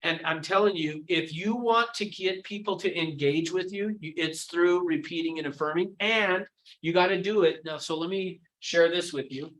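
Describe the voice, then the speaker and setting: A man leading a live sales training, animated and demonstrative, quizzing his audience and acting out phone calls. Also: sits high, normal speed, low-quality recording. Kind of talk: live training session with role-play.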